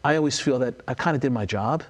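A man's voice: medium pitch, fast talker. A middle-aged man speaking as an interview guest in a casual chat, earnest and enthusiastic, with many restarts. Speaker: guest, ministry leader.

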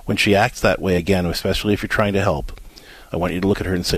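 A man's voice: low voice, fairly even intonation, fairly bright tone, slightly rough, no room sound, rough recording. A man hosting a call-in advice show on radio, speaking earnestly and restarting his sentences often. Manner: earnest, halting with many restarts. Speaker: radio host and counselor.

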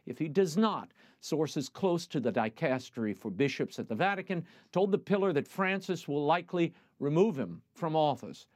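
Male TV host, measured newsreader delivery, animated pitch, dry close sound. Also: dry recording. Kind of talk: broadcast news and interview.

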